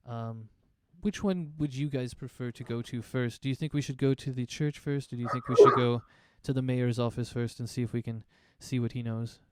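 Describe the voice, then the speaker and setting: A man playing a tabletop game over voice chat, talking in a relaxed, rambling way with many fillers. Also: medium pitch, brisk, hardly any pauses, slight background noise. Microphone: online voice chat mic.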